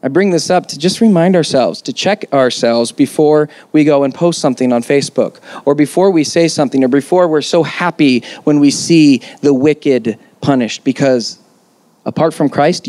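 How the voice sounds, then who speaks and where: A man's voice: medium pitch, moderate pace, dark tone, dry recording. A man preaching a sermon as pastor, conversational yet emphatic, with rhetorical questions.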